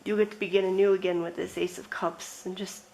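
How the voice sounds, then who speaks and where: A woman's voice: lowish voice, level tone, gravelly, mellow, low-quality recording. A woman giving a pick-a-card tarot reading, speaking in a reflective, emotional way. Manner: slow, emotional, reflective, with laughs. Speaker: tarot reader.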